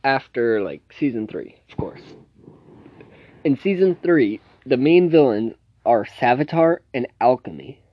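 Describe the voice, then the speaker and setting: A man's voice: mid-range voice, very animated, unhurried, no echo, dull audio. A man casually recapping a TV series plot in a loose, rambling way, full of fillers and self-corrections. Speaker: TV series reviewer.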